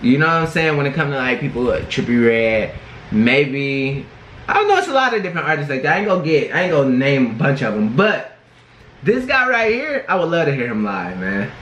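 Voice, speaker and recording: With a medium pitch that swings widely, he speaks briskly in a fairly bright tone, and slight background noise can be heard. He's in his twenties, reacting to a video in a loose, slangy style full of "bro" and "bruh," while the roomy recording picks up faint music from that video.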